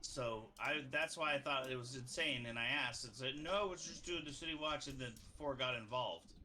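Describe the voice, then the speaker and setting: Bright, emphatic male player who rambles. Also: medium pitch, moderate pace, slight background noise. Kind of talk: casual chat during a tabletop game.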